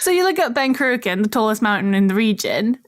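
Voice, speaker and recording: A woman's voice: on the high side, big pitch swings, fast, no room sound, clean studio sound. A woman co-hosting a podcast, explaining archaeology in casual chat and laughing often.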